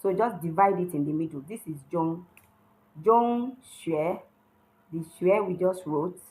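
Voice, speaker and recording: A woman giving a step-by-step writing lesson as a language teacher. She talks patiently and repeats herself, checks in often with a questioning "hmm?", and sounds words out slowly. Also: lowish voice, dark tone, a little hiss or hum, low-quality recording. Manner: models pronunciation slowly.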